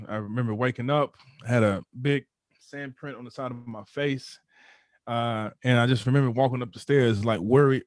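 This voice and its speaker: A man's voice: mid-range voice, no echo, clean studio sound. A man in his thirties, a former football player telling his story in a casual interview, earnest and emphatic, often restarting his words.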